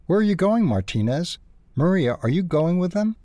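A man's voice: on the low side, big pitch swings, moderate pace, a little mellow, husky, no echo, full character voice. A man voicing a hungry, anxious little male animal in a storybook who whines and chatters about food. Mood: panicked. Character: jittery hungry little male critter, always whining.

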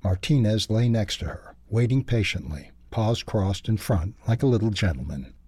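A man reads aloud in a steady, measured way, moving from a book review into a children's story. His voice is low-pitched and a little husky. The recording is dry, with no room sound. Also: dry recording. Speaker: reader.

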